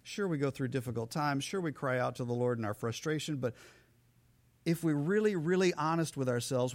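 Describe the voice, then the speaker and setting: A pastor preaching an animated sermon, who dramatically acts out the figures in his stories. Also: medium pitch, brisk.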